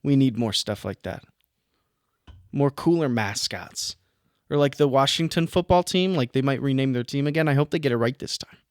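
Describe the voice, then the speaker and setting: A man's voice: mid-range voice, moderate pace, dry recording, clean studio sound. A young man co-hosting a podcast, joking around in casual chat. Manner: jokey, slips into a loud put-on frat-boy voice. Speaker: podcast co-host. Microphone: headphones and studio mic.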